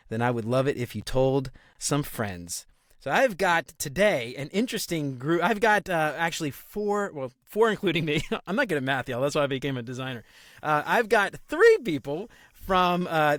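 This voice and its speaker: An upbeat, chatty man hosts a casual podcast chat. His voice sits fairly high for a man, recorded dry and close with no room sound. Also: no echo. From Louisiana, USA. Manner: upbeat, chatty, laughs often. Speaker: podcast host.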